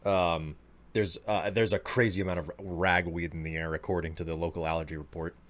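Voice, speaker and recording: A man's voice: sits low, flat delivery, brisk. Chatty congested man streaming a game. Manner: chatty, talks straight to his chat, self-mocking. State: congested from allergies. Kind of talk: live gameplay commentary.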